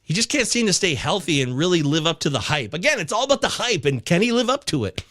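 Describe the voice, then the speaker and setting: A man hosting a live fantasy baseball chat show, reading viewer comments aloud with excitable, casually profane banter. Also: high-pitched, quick pace, no room sound, clean studio sound. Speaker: fantasy baseball podcast host.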